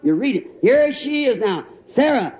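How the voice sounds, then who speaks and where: A man preaching a sermon in a folksy storytelling way, laughing and rising to shouts. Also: extremely high pitch, sing-song, moderate pace. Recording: dull, roomy old church recording.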